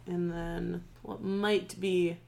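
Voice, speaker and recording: A woman narrating as game master of a tabletop role-playing game, setting scenes briskly and calling for rolls. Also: fairly low pitch, flat delivery, creaky. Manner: descriptive, brisk scene-setting with sudden shouted goblin lines.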